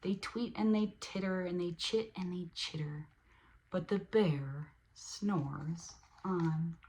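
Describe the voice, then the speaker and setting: A woman reading a children's picture book aloud as host, animated, with playful sound effects and asides to her listeners. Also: fairly low pitch, slow pace, slight background noise. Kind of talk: storybook read-aloud for children.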